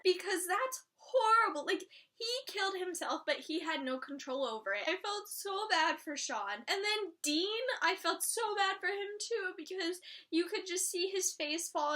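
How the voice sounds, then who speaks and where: A woman's voice: extremely high pitch, animated, a little slow, few pauses, bright, forceful tone. A young woman recapping a TV episode in a casual, gushing and emotional way, often filling her talk with "like". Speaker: YouTuber reviewing TV episodes.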